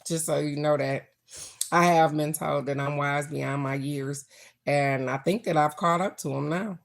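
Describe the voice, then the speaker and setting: A woman's voice: low voice, fairly even intonation, measured pace, creaky. Chatty middle-aged woman reading cards. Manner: chatty, talks straight to viewers, blunt and affectionate. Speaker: oracle card reader. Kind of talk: casual live-stream card reading.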